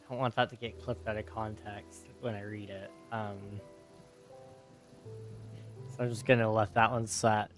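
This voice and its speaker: A tired young man streams himself gaming, chatting casually with viewers over soft background music. His lowish voice is level and fairly quick, and he yawns as he rambles easily, reading chat aloud and answering it.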